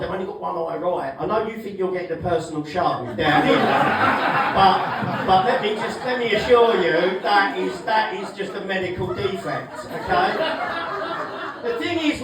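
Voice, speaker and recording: Brash sweary comedian, echoey club. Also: male voice, sits high, far from the mic, background noise. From England. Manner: brash, sweary, shouting punchlines. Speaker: stand-up comedian. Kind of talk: stand-up set.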